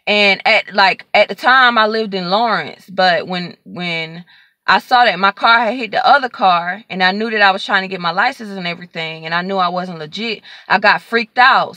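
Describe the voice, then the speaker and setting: A woman's voice: medium pitch, sharp tone, no echo. A young woman, animatedly retelling a story in casual storytime style, acting out the dialogue and using lots of fillers. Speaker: vlogger telling a story.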